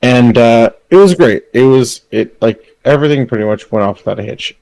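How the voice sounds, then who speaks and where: A young man with a gravelly edge to his voice, chatting casually and rambling through a family story. He stacks fillers and restarts and laughs often. The sound is dry and close, with no room around it. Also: mid-range voice, lively intonation, a little fast, darkish tone, no echo, low-quality recording. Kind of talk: casual chat on a livestream.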